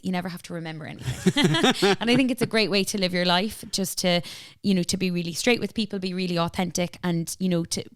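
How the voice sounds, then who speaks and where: Chatty Irish businesswoman, lowish voice. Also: clear, resonant tone, no room sound, studio quality. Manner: chatty, animated, lots of fillers and quoted dialogue. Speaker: entrepreneur guest. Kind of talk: casual interview conversation.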